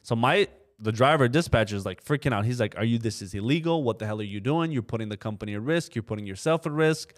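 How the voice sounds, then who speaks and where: The young man, a trucking company co-owner appearing on a casual podcast, tells a story while voicing the people he quotes, filling gaps with "you know." His medium-pitched delivery is expressive and fast, with hardly any pauses.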